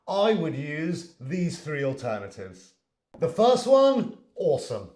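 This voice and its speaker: A man with a British accent, an English teacher explaining everyday phrases to his viewers in an animated way. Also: on the high side, reverberant. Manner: animated, shifts into quick acted example lines. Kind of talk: explaining lesson to camera.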